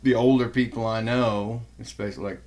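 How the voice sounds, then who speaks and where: A man hosting a casual podcast chat, talkative and quick to agree. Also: mid-range voice, fairly even intonation, a little mellow. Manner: chatty, agreeing, playful mimicry. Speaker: podcast host.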